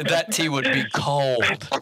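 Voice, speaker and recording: A man's voice: a little high, slow, a loud crowd. A man telling a hunting story about his father on a podcast, laughing as he goes. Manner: animated, laughing as he tells it.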